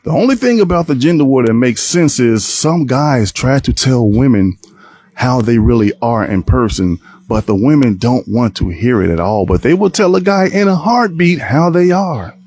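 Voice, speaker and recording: A man hosting a solo podcast, talking to his viewers in an animated, rambling way and acting out the people he quotes. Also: mid-range voice, normal speed, slightly rough. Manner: animated, plays out quoted voices, rambling restarts. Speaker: podcast host. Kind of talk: solo opinion talk to viewers.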